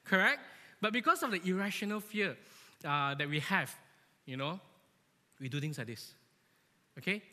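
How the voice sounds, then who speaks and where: A man giving a lively, joking sermon to a church, animated and often asking his listeners "right?", in an echoey church hall. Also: high-pitched, normal speed, long pauses. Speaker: church speaker.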